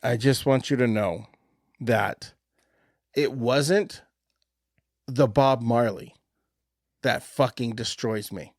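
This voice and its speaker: Guy cohosting a podcast, swears a ton, laughs thru his stories, mid pitch, super dry close mic. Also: takes it slowly, pauses often, no echo. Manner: profane, animated storytelling with frequent laughter. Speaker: podcast co-host. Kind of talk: casual chat.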